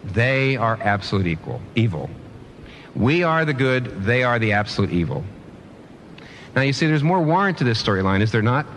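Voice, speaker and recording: A man preaching a sermon in a middle-pitched voice that rises and falls widely as he presses his points. He poses rhetorical questions and stumbles into quick restarts. A faint noise sits under the recording. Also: very animated, fairly bright tone. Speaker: pastor.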